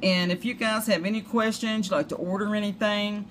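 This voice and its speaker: A woman's voice: mid-range voice, steady tone, a little fast, hardly any pauses. A woman with a Southern US accent, chatting through a crafting tutorial with rambling, self-deprecating asides. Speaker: craft demonstrator. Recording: noisy home recording.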